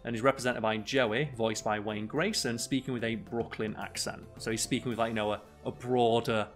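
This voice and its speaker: A man's voice: mid-range voice, steady tone, fairly quick, faint music behind. A young man, co-host of a casual podcast, who rambles with many fillers and restarts. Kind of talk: casual chat.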